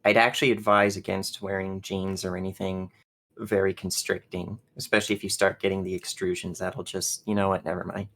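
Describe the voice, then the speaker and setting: A man's voice: low voice, level tone, a little fast, creaky, fairly bright tone. A man narrating as game master, speaking in an offhand, joking way.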